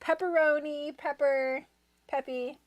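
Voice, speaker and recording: Brief: giggly young woman, livestream co-host, casual chat, slightly higher voice. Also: fairly even intonation, slow. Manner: giggly, chatty, often laughs.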